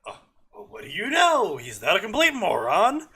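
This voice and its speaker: A man's voice: high-pitched, huge pitch swings, normal speed, sharp tone, husky, pitched above the performer's own voice, exaggerated voice. A man voicing a huge, scornful male demon fox that mocks a boy from behind a cage, as he reads a story aloud. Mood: mocking. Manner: sneering, mocking.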